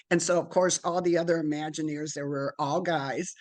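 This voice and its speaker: Speaking at normal speed with hardly any pauses, this deep-voiced middle-aged businesswoman shares career stories during a conversational interview, vividly imitating the people she quotes.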